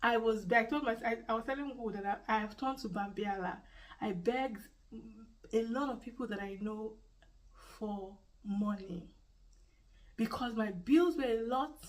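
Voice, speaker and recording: A woman with a Nigerian accent tells her own story to the camera in earnest. She repeats key phrases to stress them. Her voice sits somewhat high, and she is a little way back from the microphone. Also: normal speed, far from the mic, poor audio. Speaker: vlogger. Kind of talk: personal storytelling vlog.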